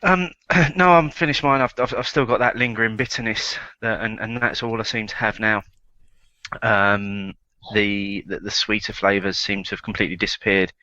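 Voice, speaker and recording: Co-host, man, low bright voice, hesitant and thoughtful, dry lo-fi. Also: steady tone, normal speed, dry recording. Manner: hesitant, repeats words, thoughtful. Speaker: podcast co-host. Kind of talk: casual chat.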